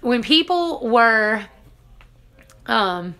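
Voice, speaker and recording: A woman's voice: on the high side, sing-song, drawn-out words, pushed and bright, clear, resonant tone. A woman in her thirties, chatting casually on a live stream, laughing often and acting out what people said. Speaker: vlogger reading live chat.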